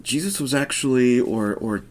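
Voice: mid-range voice, normal speed, a little mellow. A podcast co-host chatting casually, rambling through wry, joking remarks and restarting phrases.

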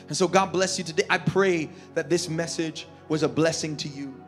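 A man with a high voice preaches in a large church auditorium, fervent and repetitive, rising into shouts as he leads the room. Soft music plays faintly under him. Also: fairly even intonation, moderate pace, hardly any pauses, a faint crowd. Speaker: pastor. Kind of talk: altar call and sermon closing.

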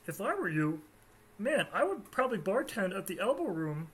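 A man's voice: sits high, big pitch swings, normal speed, fairly bright tone, breathy edge, voice pushed up, exaggerated voice. A man mimicking a clueless male tourist who gushes about living the dream in Florida. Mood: gushing. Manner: gushing, starry-eyed.

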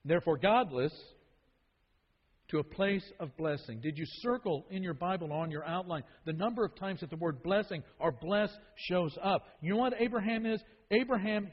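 A man's voice: high-pitched, slightly rough. A man teaching a Bible study in a sermon style, emphatic and repeating key phrases for weight. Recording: dull lo-fi sound with long hall reverb.

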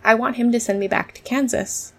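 A woman voicing a timid, kind young girl on a journey, asking soft, earnest questions in a storybook reading. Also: a little high, brisk, gravelly.

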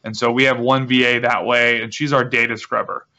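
A man guest explaining his business in a relaxed, rambling interview manner, with many restarts. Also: mid-range voice, brisk. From South Carolina. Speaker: guest, real estate wholesaler. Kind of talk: casual interview talk. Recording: dull lo-fi audio.

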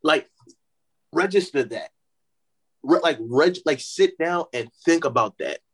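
A man's voice: fairly high pitch, lively intonation, measured pace, a bit bright, husky. A man with a Nigerian accent, co-hosting a casual podcast chat, speaking with passion and repeating points for emphasis. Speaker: podcast co-host.

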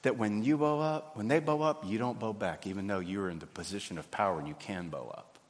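A man, preaching a sermon in a folksy, animated way. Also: lowish voice, fairly quick. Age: 50s. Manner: folksy, animated, acts out little scenes. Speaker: pastor. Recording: hall reverb.

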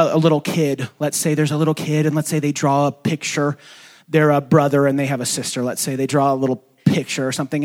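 A young man preaching a sermon as pastor in a casual, conversational way, with fillers and self-corrections, sometimes jumping high to act out quoted voices. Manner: acts out quoted voices in sudden high pitch. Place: church sanctuary.

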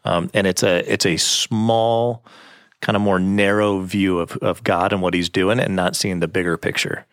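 A man's voice: deep voice, steady tone, normal speed, a bit bright, clear, resonant tone, dry recording, clean studio sound. A man co-hosting a faith talk, speaking earnestly and reflectively with many ums. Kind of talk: casual conversational preaching.

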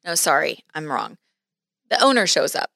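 A woman's voice: deep voice, moderate pace, vocal fry, no echo, clean studio sound. A woman real estate agent telling a story in a casual podcast chat, acting out the voices of the people in it. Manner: animated, acts out quoted voices.

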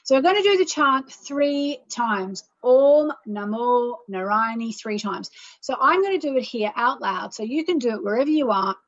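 A woman's voice: high voice, animated, a little fast, few pauses, a bit bright. Soothing chatty woman host, lo-fi. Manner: soothing and chatty, leads chants. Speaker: radio show host and astrologer. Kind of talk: guided meditation and call-in chat. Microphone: plain microphone without reverb.

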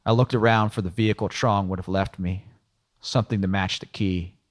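A man's voice: fairly low pitch, steady tone, a little fast. Man reading a sardonic detective novel. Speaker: audiobook narrator. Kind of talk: first-person audiobook narration.

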